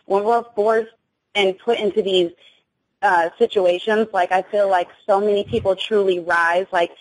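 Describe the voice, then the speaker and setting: A woman's voice: medium pitch, fairly even intonation, a little slow, rough recording. A young adult woman gives an emotional first-person account as an interview guest, often stopping to restart her sentences and using many fillers. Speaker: guest recounting an encounter.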